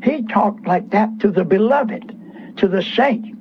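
A man's voice: high voice, expressive, measured pace. A man preaching a radio sermon, fervent and scolding, repeating phrases for emphasis. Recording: muffled radio broadcast with faint hiss.

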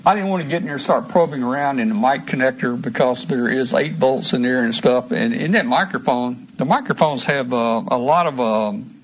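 A man hosting a relaxed live stream, talking over his radio gear at a middling pitch. He rambles, circles back and restarts his sentences. Faint noise hums behind him. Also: moderate pace. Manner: rambling, restarts often, trails off. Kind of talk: casual live stream chat.

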